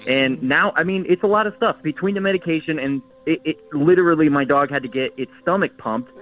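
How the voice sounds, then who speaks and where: A man's voice: fairly high pitch, fairly quick, dull audio, soft background music. A man calling in to a radio show, firm and aggrieved, explaining himself in detail. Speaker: caller on the phone. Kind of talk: phone-in radio talk.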